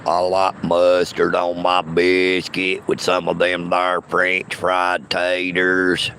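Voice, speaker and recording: A man putting on an exaggerated deep-voiced, slow-drawling country character with a heavy Southern US accent. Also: monotone, sharp tone, a little hiss or hum, full character voice. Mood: joking. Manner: heavy slow rural drawl, very low and rumbling. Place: inside a car.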